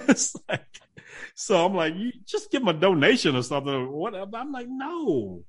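A man chats casually, telling stories with a voice that swings up and down in lively turns. He jokes, laughs and swears along the way, pitched a little high. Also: moderate pace, breathy edge. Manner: expressive, laughing, swearing, joking. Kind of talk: casual chat.

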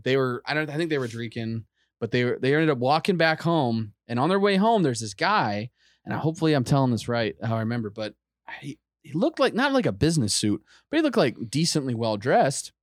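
A man's voice: medium pitch, big pitch swings, fairly quick, no room sound, studio quality. A young man casually telling stories on a podcast, rambling and laughing often. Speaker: podcast host. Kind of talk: casual chat, storytelling.

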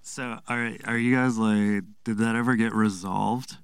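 A man co-hosts a relaxed podcast, quietly asking follow-up questions. His voice is low and smooth. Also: measured pace. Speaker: podcast co-host. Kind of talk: casual chat.

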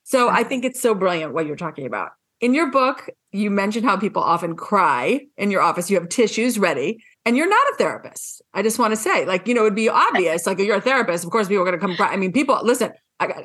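A woman hosting an interview in a casual, chatty way. She is animated and emphatic and swears frankly. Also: medium pitch. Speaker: podcast host.

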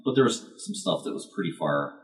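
A man's voice: low voice, very animated, a little fast. A man telling a rambling story on a podcast, hesitant and full of fillers. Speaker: podcast co-host. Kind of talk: casual chat.

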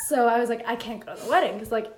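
Teen girl co-host, slightly high voice, rambling casual chat, roomy echo. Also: darkish tone, slight background noise. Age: teens. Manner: rambling, many "like" fillers. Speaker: podcast co-host. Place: room.

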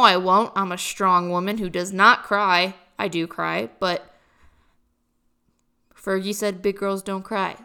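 Talking to camera in a casual vlog, a young college woman rambles, makes self-deprecating jokes, and fills her speech with fillers. Her mid-range voice has vocal fry and a pushed, bright quality, with a clean tone.

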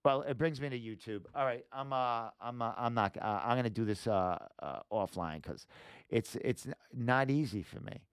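Male podcast host, casual and rambling, swears a lot, smooth, clear voice, close dry mic. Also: medium pitch, moderate pace, dry recording. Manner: rambling, swears often, thinks aloud with many fillers. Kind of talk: casual livestream screen walkthrough.

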